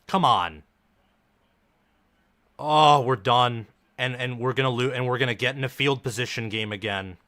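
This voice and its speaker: Male live stream host with a bright, forceful voice, commenting on a game as a gloomy, frustrated fan. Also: mid-range voice, fast, hardly any pauses. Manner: frustrated, dejected fan talk.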